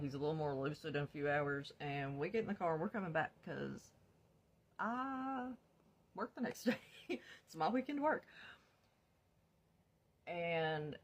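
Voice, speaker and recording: Speaking in a low voice, a young woman recounts her personal story on camera. She's laid-back and lively, curses without restraint, laughs a lot, and addresses viewers as y'all.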